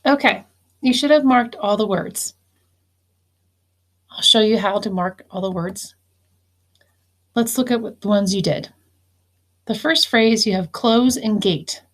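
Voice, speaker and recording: A woman teacher speaks to students in a recorded phonics lesson, with a voice of ordinary pitch. She dictates phrases slowly and deliberately, then walks through how to mark each syllable.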